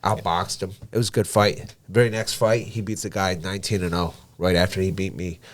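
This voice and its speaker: A man's voice: low-pitched, brisk. A man who is a professional boxer and gym owner, telling stories in casual podcast talk, swearing freely and acting out conversations. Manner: animated storyteller, swears freely, acts out dialogue.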